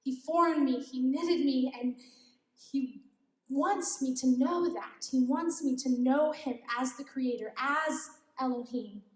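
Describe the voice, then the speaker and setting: A woman's voice: sits high, slow pace. A young woman giving an informal youth devotional talk, giggly and self-deprecating, often laughing as she speaks. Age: young adult. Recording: echoey room.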